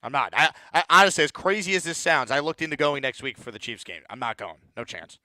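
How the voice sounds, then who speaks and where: Fired-up, bright-voiced sports host. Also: male voice, mid-range voice, lively intonation, fast talker, dry recording, clean studio sound. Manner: blunt, fired-up, repeats words when heated. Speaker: sports talk show host. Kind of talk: postgame call-in show rant.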